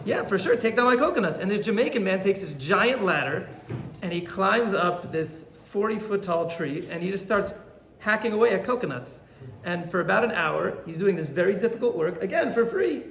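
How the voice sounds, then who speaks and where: A man, a rabbi, teaching a Torah class as an animated storyteller who acts out the characters in his stories. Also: high voice, normal speed, vocal fry, roomy sound, slight background noise.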